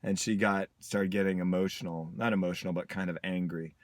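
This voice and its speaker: A man with a low, deep voice speaks in a personal video diary. His delivery is reflective and halting, broken up by pauses. The sound is dry and close, with no room around it. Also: fairly even intonation, no echo. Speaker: vlogger.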